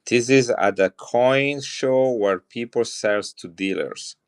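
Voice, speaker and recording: A middle-aged man with an Italian accent sells coins on a live stream, showing them off to viewers in a relaxed chat. His voice is smooth and mid-range, and he speaks slowly.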